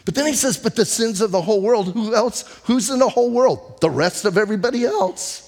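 A male pastor delivers a conversational sermon with a slightly high voice, firing off rhetorical questions and dropping into slow, deliberate emphasis on key lines. His words ring out with a long reverb tail, as in a church sanctuary. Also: a little mellow. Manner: emphatic, slows down on key phrases.

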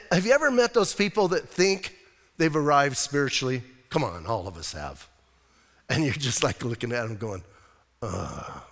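High-voiced pastor preaching in a reverberant hall. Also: male voice. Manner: animated, conversational preaching with rhetorical questions. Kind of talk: sermon.

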